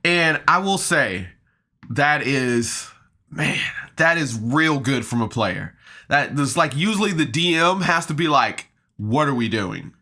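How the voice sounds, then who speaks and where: Bright-voiced guy chatting through a game recap, lots of ums and laughs. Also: a little high, animated, takes it slowly. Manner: chatty and enthusiastic, many fillers and laughs. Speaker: podcast reviewer. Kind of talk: casual episode recap.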